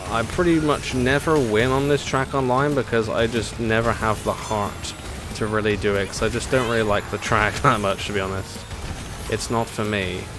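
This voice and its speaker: A man's voice: fairly low pitch, fairly even intonation, normal speed. A man chatting casually as he streams a racing game, laughing often and reading chat aloud. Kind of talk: casual gameplay commentary. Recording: game music behind the voice.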